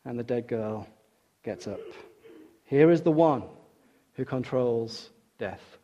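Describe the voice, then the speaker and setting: A man preaching a sermon, retelling stories with dramatic shifts between loud outbursts and hushed lines. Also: mid-range voice, slow pace, highs cut off. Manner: dramatic storytelling, acting out quoted voices.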